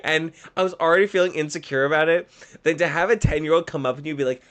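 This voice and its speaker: A young man streaming a game, telling stories in a campy, animated and profane way. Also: fairly high pitch, quick pace, a little hiss or hum. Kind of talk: casual storytelling while gaming.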